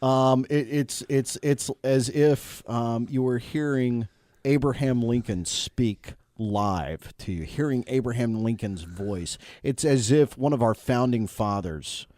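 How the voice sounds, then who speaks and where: A man's voice: mid-range voice, slow, darkish tone, dry recording. A male radio host in casual banter, playful and hesitant, given to theatrical comparisons.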